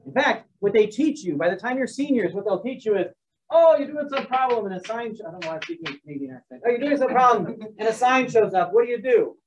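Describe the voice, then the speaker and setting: In a dull, distant classroom recording, a man with a high-pitched, animated voice teaches math at a fast clip with few pauses. His lecture is casual and rambling, full of joking asides, and he keeps restarting himself as he works through sums.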